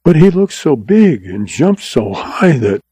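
A man voicing a poised young woman sharpshooter, speaking in a deliberate, sweetly mocking way, pitched higher than his own voice. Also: sing-song, mellow, breathy edge, no echo, heavily acted. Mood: humble.

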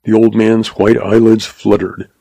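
A man giving steady, measured scripted narration of a western audiobook. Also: on the low side, gravelly, dry recording.

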